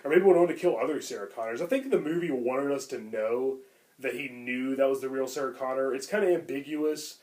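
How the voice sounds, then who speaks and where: A man co-hosting a podcast talks quickly and loosely about movies. He rambles with plenty of fillers, enthusiastic and relaxed, at a middling pitch. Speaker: podcast co-host. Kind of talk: casual chat.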